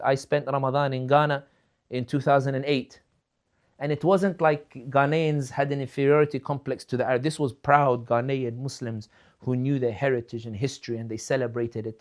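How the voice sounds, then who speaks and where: A man, likely a young adult, with a mid-range, darkish voice speaks as a political commentator in an impassioned talk. Fervent and rhetorical, he builds his points through repeated questions.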